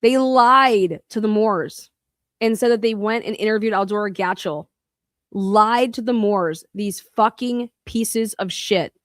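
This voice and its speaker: A woman in the middle of an angry, profanity-laced rant, her voice sitting at an ordinary pitch. She talks as a podcast host, heated and relentless. The recording is close and dry, with no room around her. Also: unhurried, fairly bright tone, no room sound. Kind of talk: angry monologue.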